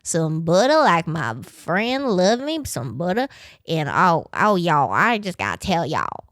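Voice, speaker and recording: A woman's voice: fairly low pitch, very animated, measured pace, a bit bright, no room sound, clean studio sound, exaggerated voice. A woman doing a folksy TV cook. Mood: chirpy. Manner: drawling, folksy, repeating "y'all". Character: syrupy Southern celebrity TV cook woman, gushing over butter.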